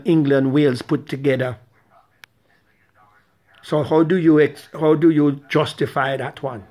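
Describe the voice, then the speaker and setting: A man delivering an impassioned political rant, blunt, crude and lecturing as he talks straight to the listener. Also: fairly high pitch. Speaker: political ranter. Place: London.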